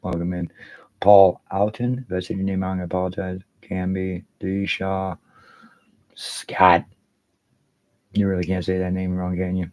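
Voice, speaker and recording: A man's voice: deep voice, flat delivery, a little slow, pauses often, darkish tone, no echo, poor audio. A man hosting a casual livestream, rambling and swearing freely while greeting viewers by name. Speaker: livestream host.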